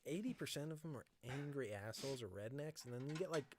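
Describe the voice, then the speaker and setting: A man's voice: mid-range voice, lively intonation, quick pace, slight background noise. A man co-hosting a podcast, chatting in a laid-back, joking and profane way. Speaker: podcast co-host. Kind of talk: casual chat.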